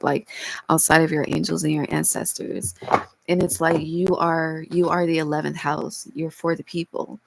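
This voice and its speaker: A woman reads tarot in a casual, heartfelt way, talking straight to her viewers and swearing freely. She is holding back tears, so her voice cracks now and then. Her voice sits very low and has a heavy gravelly fry. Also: steady tone, moderate pace, poor audio. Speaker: tarot reader. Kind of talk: casual tarot reading vlog.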